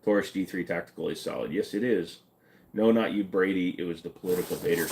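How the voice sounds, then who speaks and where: A deep-voiced man hosts a casual live stream, reading out chat questions and firing back blunt, joking answers. His low voice carries an easygoing tone. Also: steady tone, brisk, gravelly, darkish tone, a little hiss or hum.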